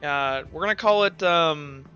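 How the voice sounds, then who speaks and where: Bright high-voiced man running a tabletop game. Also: a little slow, soft background music. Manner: casual, hesitant with fillers. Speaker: game master. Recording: dull lo-fi recording.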